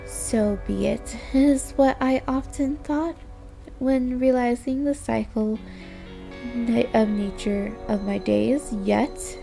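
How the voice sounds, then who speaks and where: A woman's voice: fairly high pitch, vocal fry. A young woman narrating a visual novel in a wistful, weary inner-monologue voice. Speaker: game voice-over reader.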